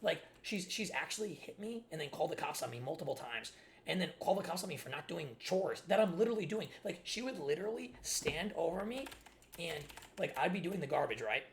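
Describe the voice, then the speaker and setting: A young man in his twenties chats on stream in a rambling, loose way, leaning on filler words. His voice has a gravelly edge, and faint keyboard typing clicks behind him. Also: a little high, expressive, brisk, slight background noise. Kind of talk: casual storytelling chat.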